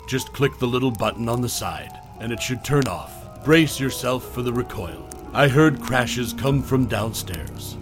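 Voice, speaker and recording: A man narrating a first-person horror story in a plain, steady storytelling voice, reading the dialogue as he goes. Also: mid-range voice.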